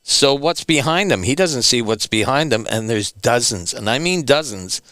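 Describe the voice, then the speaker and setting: A man, a returning guest, telling stories in an animated, emphatic way and repeating words for stress. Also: medium pitch, moderate pace, no room sound. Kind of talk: animated storytelling.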